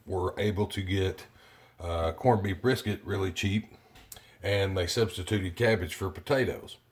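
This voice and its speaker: A man hosting a casual home cooking video, talking in a chatty, plainspoken way with frequent fillers. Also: low voice.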